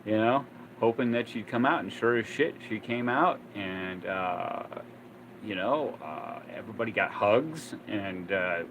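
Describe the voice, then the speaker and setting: A man's voice: on the low side, lively intonation, unhurried, noisy background. A man in his fifties casually telling old stories, rambling with lots of fillers and restarts. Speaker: vlogger. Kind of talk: casual storytelling.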